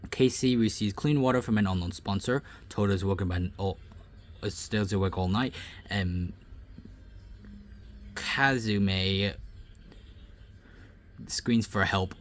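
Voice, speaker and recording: A young man casually reading out game results and reacting with loud, surprised outbursts. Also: on the low side, slow pace, pauses often. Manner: reads results aloud, then breaks into loud surprised outbursts. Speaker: gaming YouTuber reading a simulator.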